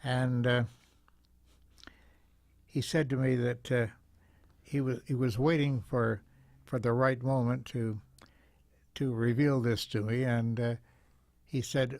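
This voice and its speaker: An older man, a guest on a talk show, telling a story in a gentle, reflective way with frequent repeats. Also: mid-range voice, steady tone, slow, creaky, long pauses, no room sound.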